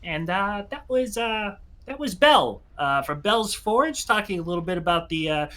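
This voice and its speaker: Man doing a little imp radio announcer, squeaky high, fumbling patter, bright. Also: expressive, normal speed. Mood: chirpy.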